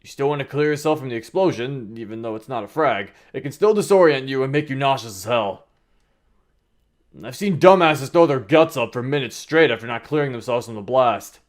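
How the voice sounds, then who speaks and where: Brief: man reading a brusque male drill instructor, blunt and crude, raised a touch in pitch. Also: lively intonation, fairly quick, lightly acted. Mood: instructing. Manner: brusque, matter-of-fact briefing.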